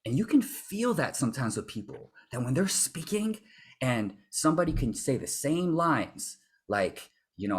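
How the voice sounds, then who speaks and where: A man who works as a vocal confidence coach, leading a workshop in an animated way and sometimes acting out other voices. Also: medium pitch, normal speed, slightly rough. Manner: animated, acts out voices and impressions. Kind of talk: workshop talk.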